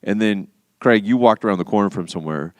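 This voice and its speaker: A man in his thirties co-hosting a podcast, telling a story in casual chat and acting out quotes with big jumps in pitch. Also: fast, smooth, no echo. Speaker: podcast co-host.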